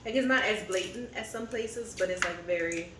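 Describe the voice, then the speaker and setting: A woman's voice: mid-range voice, moderate pace, background noise. Woman, casual chat co-host, candid and rambling; off-mic in an echoey room. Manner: candid, venting, rambling with fillers. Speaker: co-host of a family eating channel. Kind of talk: casual chat over a meal. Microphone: camera set up at a distance. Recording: roomy echo, distant mic, faint ambience.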